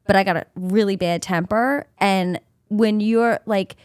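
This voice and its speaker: A woman's voice: mid-range voice, fairly even intonation, measured pace, a little mellow, smooth, no echo, studio quality. A woman from New York with a New York accent, co-hosting a podcast and telling stories in an emphatic, chatty way. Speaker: podcast co-host. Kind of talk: casual comedic chat.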